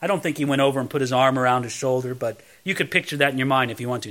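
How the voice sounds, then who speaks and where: A man's voice: mid-range voice, racing, fairly bright tone. A man teaching the Bible verse by verse in a conversational way, reading a passage and then explaining it.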